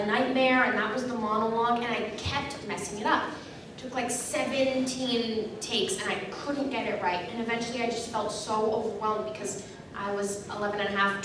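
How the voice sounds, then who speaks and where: A young adult woman, an actress on a convention panel, telling chatty stories in a bubbly way. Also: a little high. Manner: bubbly, chatty, quick anecdotes. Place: large convention hall. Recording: echoey hall, distant mic, background noise.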